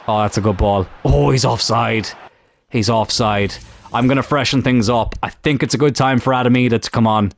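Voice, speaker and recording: A young man commentating on his own football video game career, calm one moment and shouting the next. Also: mid-range voice, normal speed, creaky, slight background noise. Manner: excitable, shouts at big moments. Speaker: gaming YouTuber.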